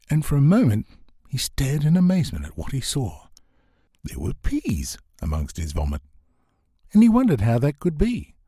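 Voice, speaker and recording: A man narrates a comic novel in a husky, breathy voice. His delivery is animated and expressive, rising and falling widely to land the jokes. The recording is dry and close. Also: no room sound. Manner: expressive, swings pitch for comic effect. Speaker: audiobook narrator.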